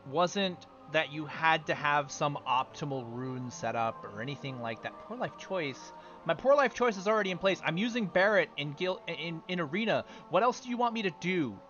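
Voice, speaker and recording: A man's voice: fairly high pitch, a bit bright, muffled recording. A man casually chatting on a game livestream, rambling and answering his chat. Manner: rambling and talking back to chat. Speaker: game streamer.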